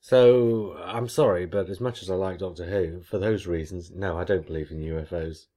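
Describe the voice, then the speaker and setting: A man's voice: sits low, steady tone, normal speed, warm tone. A man hosting a podcast, chatting casually and reading listener mail with long, rambling explanations. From England. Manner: chatty, explains at length with many restarts. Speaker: podcast host.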